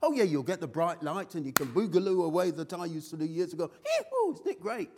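An older man preaching a sermon with emotion, swinging between loud exhortation and hushed asides. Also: on the high side, fast, background noise.

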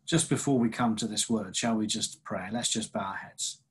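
A man's voice: on the low side, a little fast, slightly rough. A man preaching a sermon, leading a prayer and then teaching earnestly through a Bible passage.

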